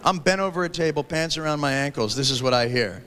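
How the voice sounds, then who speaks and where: A man in his thirties performing a stand-up comedy routine on stage, acting out characters in quick voices, recorded from a 1990s TV special on VHS with audience laughter. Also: a little high, a bit bright. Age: 30s. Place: theater stage before a live audience. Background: audience laughter and applause.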